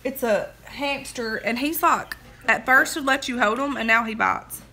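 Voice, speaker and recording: A chatty woman with a drawl rambles through homey stories on a phone livestream. Her voice is bright and a touch high, and she sits curled up on the couch at home. She drifts from one tangent to the next and laughs at her own jokes. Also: moderate pace, slight background noise. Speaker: livestream host. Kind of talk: rambling casual chat.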